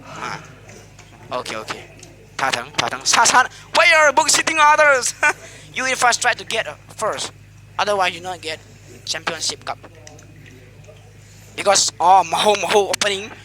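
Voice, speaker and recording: Guy calling a silly eating race like a sportscaster, high voice jumping all over, lots of teasing and laughing, noisy recording. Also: sing-song, normal speed, long pauses. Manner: teasing, repetitive, laughing often. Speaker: host commentating a mukbang contest. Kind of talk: playful mock sports commentary.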